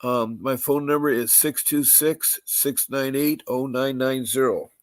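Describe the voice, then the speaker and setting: A man hosting a live-streamed podcast and reading out housekeeping notes in a halting way, with many fillers, restarting and repeating details slowly. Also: medium pitch, steady tone, no echo. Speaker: podcast host.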